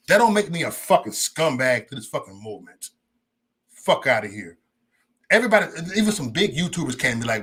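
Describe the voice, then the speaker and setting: Male livestream host, lively pitch, rambling and foul-mouthed, casual chat with viewers. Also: brisk, slightly rough. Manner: profane, loose and rambling, talks straight to chat.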